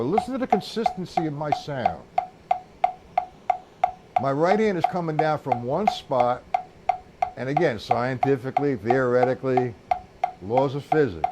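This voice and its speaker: A man talks through a live-streamed drum lesson in a loose, conversational way, stopping often to count beats aloud. His voice sits a little high for a man. Steady clicking noise comes through behind him. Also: measured pace, pauses often. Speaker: drum teacher.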